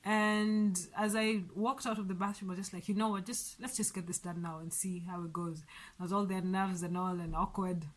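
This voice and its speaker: A woman's voice: medium pitch, fairly even intonation, brisk. A woman vlogger telling a story about her day in a chatty, rambling way, with frequent restarts and light laughs. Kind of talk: casual storytelling vlog.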